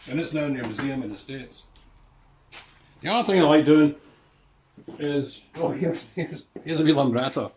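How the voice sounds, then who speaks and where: A man's voice: a little high, moderate pace, pauses often, a little mellow, slight background noise. A man with a Scottish accent, chatting casually about his classic car projects in his garage and telling rambling anecdotes. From Scotland. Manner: chatty storytelling, rambling asides. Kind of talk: casual walkaround narration.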